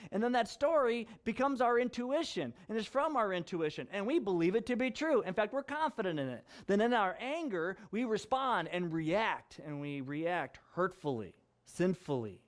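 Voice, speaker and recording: A man's voice: sits high, animated, moderate pace, few pauses. A male pastor preaching a conversational sermon, chatty and jokey, with frequent asides and laughter.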